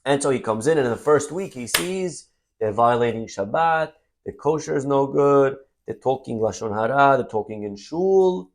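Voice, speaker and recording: A man giving a Torah sermon as a story, swinging between loud emphasis and soft asides. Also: mid-range voice, lively intonation, moderate pace. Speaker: rabbi teaching Torah.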